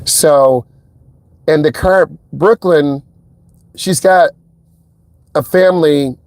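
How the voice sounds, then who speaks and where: A man talking casually as a driving instructor inside a car, telling stories in a lively way and acting out what people said. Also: drawn-out words. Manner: animated storyteller, acts out quotes in a higher voice. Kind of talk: casual vlog talk.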